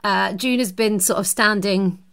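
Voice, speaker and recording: A woman's voice: medium pitch, normal speed, creaky, fairly bright tone. A woman at a gaming table describing what her character does. She narrates in a plain, matter-of-fact way. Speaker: player.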